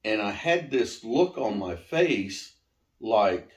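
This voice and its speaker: A middle-aged man, the host's father, telling a personal story in a casual, animated way and swearing now and then. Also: on the low side, takes it slowly. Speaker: interviewee, father of the host. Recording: roomy echo.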